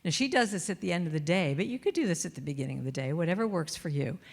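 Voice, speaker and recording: A woman's voice: lowish voice, lively intonation, rapid-fire. Chatty woman speaker in a reverberant hall. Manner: warm, chatty, playful, acts out quotes and sings snippets. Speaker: inspirational speaker and singer. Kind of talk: spiritual talk to a congregation. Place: large church hall. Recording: long reverb of a large hall.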